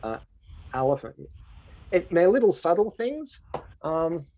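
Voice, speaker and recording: Gravelly Australian tour guide man. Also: on the high side, expressive, normal speed, a little mellow, a little hiss or hum. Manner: easygoing, explanatory. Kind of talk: casual Q&A answers.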